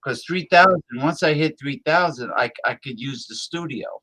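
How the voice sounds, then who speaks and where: A man hosting a long livestream, talking casually and haltingly with repeated words. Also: a little high, sharp tone, low-quality recording. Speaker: livestream host.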